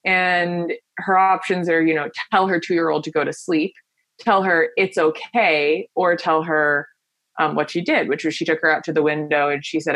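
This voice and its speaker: A woman's voice: low voice, fairly even intonation, normal speed, a bit bright, no echo. Earnest woman telling a story. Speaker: guest. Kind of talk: conversational interview.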